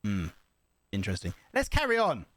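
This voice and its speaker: A man's voice: lowish voice, wildly swooping pitch, normal speed. A young man rambling and joking as he hosts a reaction video. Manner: joking, rambling, laughs often. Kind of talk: casual reaction commentary.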